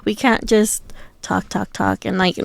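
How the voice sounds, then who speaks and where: A woman's voice: mid-range voice, flat delivery, unhurried, creaky. A woman co-hosting a casual podcast, frank and chatty, telling her own anecdotes. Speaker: podcast co-host.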